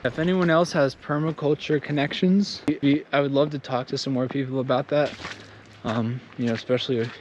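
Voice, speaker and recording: A man's voice: medium pitch, fairly even intonation. Joking man vlogging in the wind. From Southern United States. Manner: joking, rambling, slow from the cold. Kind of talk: casual vlog talk. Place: windy mountain outdoors. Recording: wind noise outdoors.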